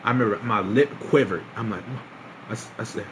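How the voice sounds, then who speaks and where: A man's voice: lowish voice, a little fast, noisy background. Rambling, profane young man telling a story. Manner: rambling, profane, repeats himself, slangy. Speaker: streamer. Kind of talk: casual storytelling to a live stream.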